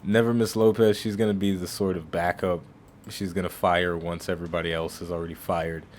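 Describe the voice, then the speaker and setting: A man with a low voice gives casual let's-play commentary over his game. He rambles in a chatty way and often restarts his phrases mid-sentence. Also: little pitch movement, brisk, a little hiss or hum. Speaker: gaming channel host.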